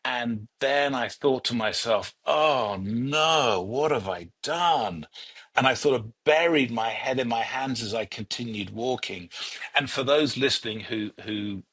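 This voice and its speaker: A man's voice: mid-range voice, normal speed, a bit bright, husky. A middle-aged British man, a podcast guest and HR executive, telling stories in a chatty, self-deprecating way with many ums. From United Kingdom. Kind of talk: casual storytelling interview.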